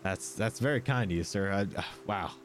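A man's voice: sits low, a little fast, pitched below the performer's own voice, natural voice. A man voicing a friendly, generous male tavern keeper who drawls and says y'all. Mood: folksy. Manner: drawling folksy speech with y'all.

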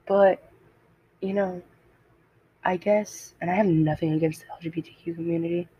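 On her podcast, a teenage girl recounts something personal in a rambling, self-interrupting way, laughing at herself. Her voice is on the low side with a breathy edge, fairly even intonation and normal speed, recorded on a dull lo-fi home mic.

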